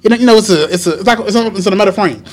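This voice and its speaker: A man's voice: high-pitched, rapid-fire. A man, co-hosting a casual podcast chat, rambling with lots of fillers and casual swearing. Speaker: podcast co-host.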